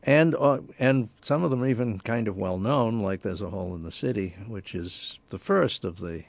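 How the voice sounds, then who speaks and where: Gravelly low-voiced author guest. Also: male voice, expressive, normal speed, dry recording. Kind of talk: radio interview.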